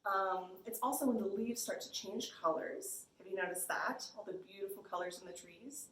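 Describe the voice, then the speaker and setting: A woman's voice: medium pitch, moderate pace, fairly bright tone, slight background noise. A young woman librarian leading a children's storytime, bubbly and sing-song. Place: library room. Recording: echoey room.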